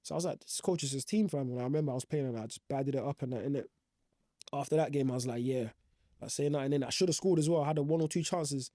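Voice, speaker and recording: A man's voice: medium pitch, racing, warm tone, no room sound, studio quality. A young man, recounting his football career in slangy, rambling casual talk full of fillers. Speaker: professional footballer guest. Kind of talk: casual storytelling.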